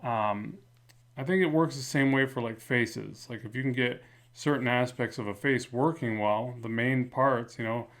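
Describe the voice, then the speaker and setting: A man with a slight lisp, talking through a drawing in a relaxed, rambling way as a comic art instructor. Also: mid-range voice, normal speed. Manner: relaxed, rambling, many fillers and restarts. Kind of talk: casual drawing tutorial narration.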